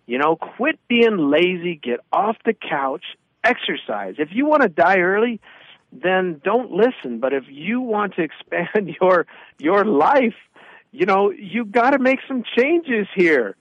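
A man in his fifties talks on radio, animating his stories with quick back-and-forth voices. His voice sits a bit high. The sound is dry and close but somewhat dull and muffled. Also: husky, no room sound. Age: 50s. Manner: animated storyteller, acts out both sides of anecdotes. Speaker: radio show co-host. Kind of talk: casual radio talk.

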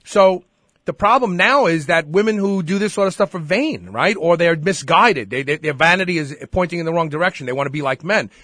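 Guy hosting a radio show, bit high pitched, pushy emphatic talk, dry sound. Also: lively intonation, fairly bright tone, no room sound. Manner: emphatic, halting with fillers.

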